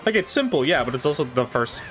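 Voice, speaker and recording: Young male streamer, mid-pitched, chatty and casual, desk mic, light game music underneath. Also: sing-song, fast, a bit bright. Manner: rambling, chatty, swears casually. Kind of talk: casual live gameplay chat. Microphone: desk microphone.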